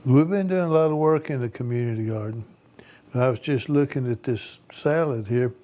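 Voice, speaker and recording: Man, American accent, gardening show co-host, mellow dark tone, easygoing. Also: mid-range voice, a little fast. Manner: easygoing and plainspoken. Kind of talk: casual chat.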